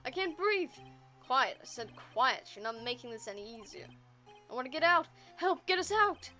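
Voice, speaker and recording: A woman shouting as panicked trapped men. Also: high-pitched, big pitch swings, normal speed, faint music behind, heavily acted. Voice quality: loud, shouted, strained.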